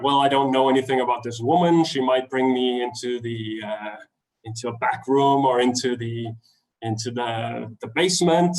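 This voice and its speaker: A man's voice: mid-range voice, poor audio. A man from Denmark with a Danish accent, telling a travel story in a web talk and acting out the voices of people in it. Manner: animated, acts out voices in his story. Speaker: travel speaker. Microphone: webinar computer mic.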